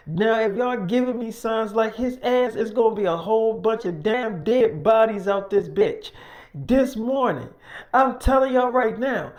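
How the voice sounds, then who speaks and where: A man voicing a menacing armed gang boss father, loud and threatening with profane talk, in freestyle role-play storytelling. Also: high voice, voice pushed up.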